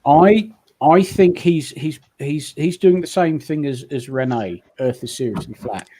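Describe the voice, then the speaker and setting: A man talks on a casual stream, his voice sitting a little high. He rants and swears freely, tripping over restarts as he gets going. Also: a little slow, dark tone, a little hiss or hum. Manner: sweary, ranting, stammers on restarts. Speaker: panelist on a chat stream. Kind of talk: casual chat.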